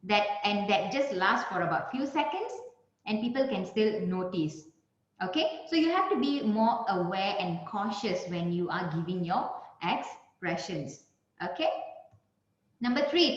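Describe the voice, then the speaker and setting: A woman trainer giving a lively webinar talk, stressing words and shifting her pitch up and down, often laughing. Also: a little slow. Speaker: communication trainer. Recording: very echoey, dull lo-fi sound.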